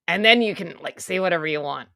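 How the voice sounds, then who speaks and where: A woman's voice: fairly low pitch, lively intonation, normal speed, bright, forceful tone, dry recording, studio quality. A woman hosting a casual livestream, chatty and self-mocking, muttering to herself as she goes. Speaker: livestream host.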